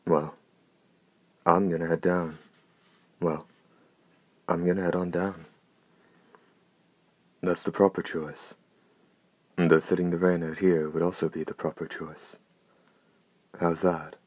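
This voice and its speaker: A hard-bitten coach driver talks in a blunt, coarse, low voice, played by a man. His pitch is extremely deep and stays flat. The sound is close and dry. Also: takes it slowly, long pauses, dry recording. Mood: hushed, wary. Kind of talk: audiobook character reading.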